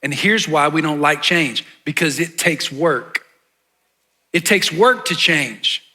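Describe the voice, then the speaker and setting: A man's voice: fairly high pitch, takes it slowly, pushed and bright. A man preaching a sermon as pastor, pushing his voice up on key words and dropping into casual asides.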